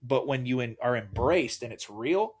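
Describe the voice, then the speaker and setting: A man in casual conversation, recounting a personal story with lively energy. He slips into quoted voices as he goes, keeping the talk loose and conversational. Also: medium pitch, moderate pace, breathy edge. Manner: animated, acts out quoted voices. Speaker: podcast guest.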